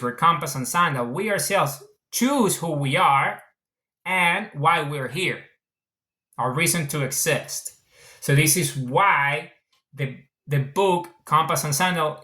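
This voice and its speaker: A man's voice: a little high, sharp tone, reverberant. A man from Venezuela with a mixed international accent, an author talking casually about his book, earnest and repeating his points. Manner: earnest, repetitive, circles back on his points. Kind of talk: casual explanatory monologue.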